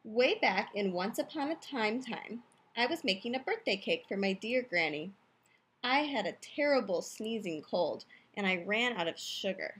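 A woman's voice: medium pitch, lively intonation, moderate pace, a bit bright, a little hiss or hum. A woman playfully reading a picture book aloud, telling the story in first person as the wolf, in a youth room.

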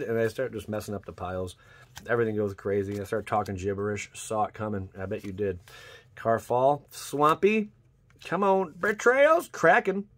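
A young man hosting his channel, chatting casually as he opens card packs and bursting into loud cheers over good pulls. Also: lowish voice. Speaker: YouTube channel host. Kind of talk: casual card-pack opening commentary.

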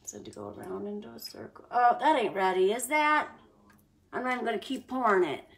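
A woman's voice: a little high, lively intonation, a little fast, vocal fry, recorded from a distance. A woman hosting a casual cooking livestream from her home kitchen, chatting straight to her viewers as she cooks. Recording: noisy home recording with clicks.

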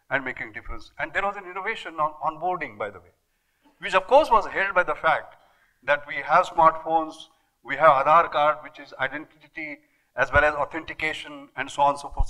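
An older man with an Indian English accent giving an academic lecture, emphatic and animated, with many rhetorical questions and fillers. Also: a little high, rough recording. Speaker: guest lecturer. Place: lecture hall.

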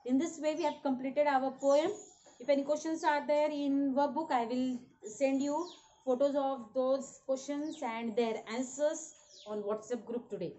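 High-voiced woman teacher, Marathi accent. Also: steady tone, unhurried, warm tone, lo-fi sound, a little hiss or hum. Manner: explains step by step, asks the class questions. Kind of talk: online class lesson.

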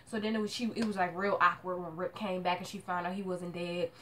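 Young woman vlogger, casual slangy rant, big swings between hushed and shrieking. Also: lowish voice, level tone, fast talker, hardly any pauses, a little hiss or hum.

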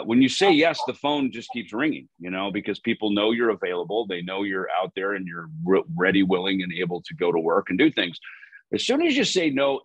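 A man in his fifties, a rock musician guest in an interview, telling stories with lively swings in his voice. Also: slightly rough, dry recording. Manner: animated storyteller, lively pitch swings. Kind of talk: casual interview chat.

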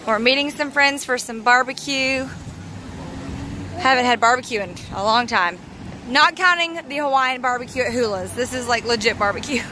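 A woman's voice: fairly high pitch, moderate pace, noisy background. A young woman, a mother, chatting casually to the camera in a family vlog, laughing often and cooing at her kids.

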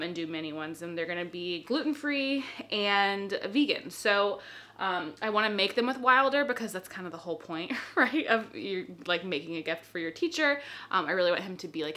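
A woman's voice: medium pitch, bright, forceful tone. A woman vlogging as a stay-at-home mom, chatting casually and rambling with lots of fillers. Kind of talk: casual vlog chat.

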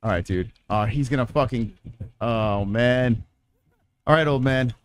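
With a medium-pitched voice and an unhurried delivery, a livestreaming gamer narrates his play live. He gets worked up easily, swearing a lot and letting out yelps and laughs at the on-screen events.

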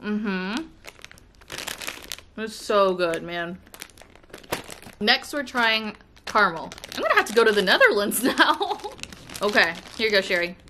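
An American woman vlogging at home, chatting casually while unboxing and taste-testing treats, with gushing, excitable exclamations. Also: mid-range voice, unhurried, long pauses, slight background noise. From United States.

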